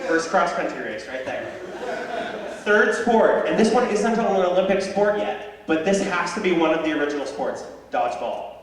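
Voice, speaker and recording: A young man performs stand-up comedy with a slightly high voice, telling animated stories and jumping into yelled high character lines. He sounds distant from the mic in a big echoey hall, with a clear audience murmur behind him. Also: normal speed, crowd noise. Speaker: stand-up comedian and high school tennis coach. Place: high school auditorium with live audience.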